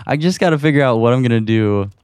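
Recording on an audio recorder in his room, this young podcast host plays a video game as he talks alone, rambling, self-deprecating and slightly breathless. His mid-range voice is animated, fairly quick, smooth and darkish, with no room sound.

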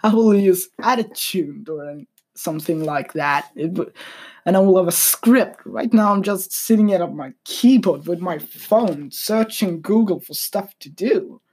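A young man rambling casually at his computer, hesitant, with dry deadpan humor. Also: sits high, a little slow, husky. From Sweden. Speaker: vlogger. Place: at a computer desk. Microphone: computer mic.

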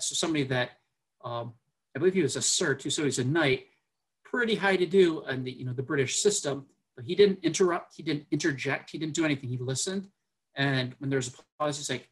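A man's voice: on the high side, slightly rough, poor audio. A man, a military officer, earnestly telling a personal story in a podcast conversation, with many fillers.

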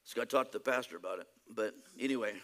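A male preacher giving a sermon, emphatic, swinging between loud exclamations and quiet asides. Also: on the low side, rapid-fire.

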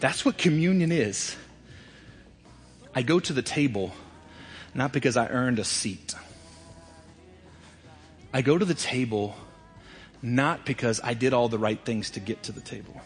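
A middle-aged man preaching a sermon, swinging between emphatic loud passages and quiet ones. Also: medium pitch, lively intonation, measured pace, pauses often, soft background music. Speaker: pastor. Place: church sanctuary.

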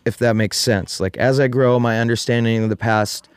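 A podcast host telling a story in casual chat, rambling and full of fillers, with some casual swearing. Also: male voice, medium pitch, steady tone, normal speed, clean tone, dry recording. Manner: rambling, heavy on "like" and "you know", casual swearing.

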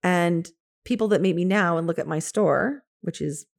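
A woman in her fifties, an interior designer and coach, telling stories from her career in an animated way, laughing often and acting out what she said to others. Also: lowish voice, normal speed, vocal fry. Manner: animated, laughs often, quotes herself in lively asides. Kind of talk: casual storytelling.

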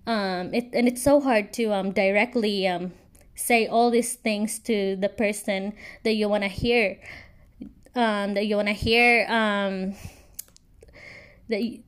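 A woman's voice: mid-range voice, steady tone, takes it slowly, clear, resonant tone. A young woman hosting a podcast, hesitant with many fillers, then reading a listener's letter aloud earnestly. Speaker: podcast host.

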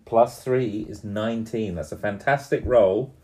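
Here a fairly low-pitched man in his fifties serves as game master, gently narrating a tabletop adventure for a small child. His pace is slow, and he frequently breaks off to ask her what she thinks.

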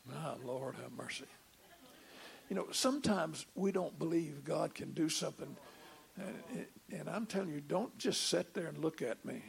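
A man's voice: on the high side, expressive, moderate pace. An older man, telling a testimony in a sermon and stammering as he repeats his words. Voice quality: gravelly. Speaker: preacher.

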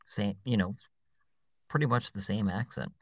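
A man in his fifties with a fairly low voice, talking casually in a dead, dry-sounding room. He tells his stories plainly and matter-of-factly. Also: normal speed, dry recording. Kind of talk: casual chat.

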